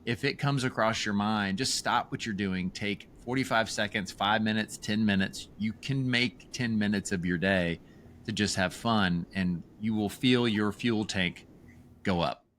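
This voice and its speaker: Host role: earnest, reflective man, lowish voice, faint noise underneath. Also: unhurried, fairly bright tone. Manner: earnest, reflective, with a few restarts. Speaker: podcast host. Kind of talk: casual conversation.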